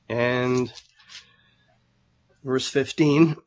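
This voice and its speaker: Drawing out his words in a mid-range voice, a man gives an earnest, conversational sermon as pastor. He often repeats himself while he gropes for the next word, and he speaks to the congregation as brethren.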